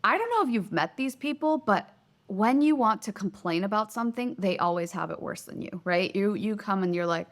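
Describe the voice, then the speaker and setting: A woman hosting a self-help video, talking straight to camera in an emphatic way, slowing down to stress key words and acting out little quoted exchanges. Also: medium pitch, lively intonation. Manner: acts out quoted speech in little skits. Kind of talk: motivational talk to camera.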